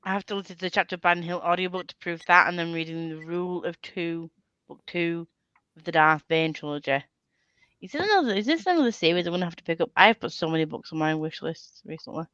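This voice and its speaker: A woman hosting a casual bookish group video call, chatty and quick to laugh. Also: on the low side, expressive, fairly bright tone, clear, resonant tone, no room sound, muffled recording. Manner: chatty, laughs often, reads comments aloud. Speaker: booktube host.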